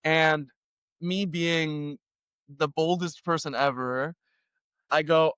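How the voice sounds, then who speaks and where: A young Canadian man telling a story casually as an interview guest, animated and acting out the voices of the people in it. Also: on the high side, slow pace, pauses often, clean tone, dry recording, dull audio. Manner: animated, acts out others' voices in quotes.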